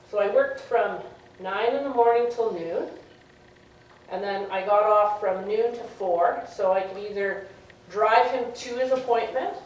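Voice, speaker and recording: A middle-aged woman telling a personal story to a live audience, halting and often repeating herself. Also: medium pitch, darkish tone, slight background noise. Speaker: storyteller at a public talk. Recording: very echoey room from a distant mic.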